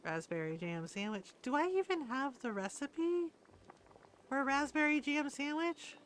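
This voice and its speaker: A woman's voice: sits high, expressive, moderate pace, a little hiss or hum. A woman streaming a game and chatting casually, rambling and often trailing off into ums. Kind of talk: casual chat while playing.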